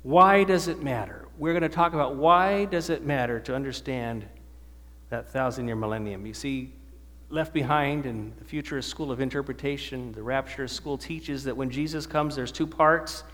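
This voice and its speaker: A male preacher with a medium-pitched, slightly bright voice addresses a live audience at a moderate pace. He regularly poses questions and answers them on his own, and the long reverb of the church or meeting hall is clearly audible.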